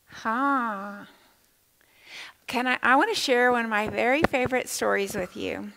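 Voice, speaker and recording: Gravelly-voiced woman telling children a story. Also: on the high side, unhurried, poor audio. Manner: animated, asks the children questions, drops to a whisper at times. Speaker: children's minister. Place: church sanctuary.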